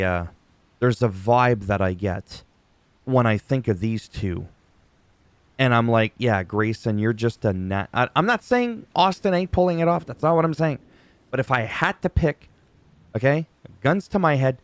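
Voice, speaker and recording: A man giving a casual, chatty wrestling recap, animated and quick to act out quoted lines. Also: mid-range voice, no echo.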